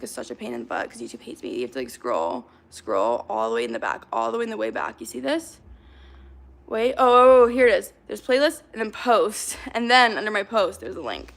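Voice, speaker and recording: A young woman livestreaming, chatting fast and reading out comments from her chat. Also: medium pitch, very animated, vocal fry, fairly bright tone. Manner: chatty, hyper, reacts to comments, fillers of like.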